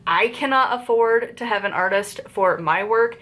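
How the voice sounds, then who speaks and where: Appalachian lady rambling thru a book review, mid pitch, lots of likes and tangents. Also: normal speed, fairly bright tone. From Appalachian region of the United States. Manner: chatty and rambling, with frequent fillers and tangents. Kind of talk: casual book review vlog.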